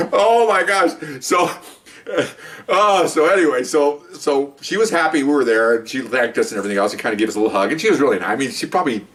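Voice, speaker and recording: A former police officer casually tells a long, rambling story, animated and laughing, acting out the voices of the people involved. His voice is mid-range and recorded from a distance.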